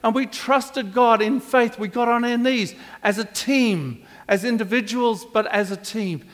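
High-voiced older male preacher in echoey church. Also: measured pace. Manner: rambling, digressive, with frequent restarts. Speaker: pastor. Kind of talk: sermon. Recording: echoey hall reverb.

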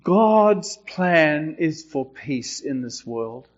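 A man preaching a sermon with slow, emphatic delivery, his voice rising when he quotes. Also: a little high, lively intonation, lo-fi sound. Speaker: pastor.

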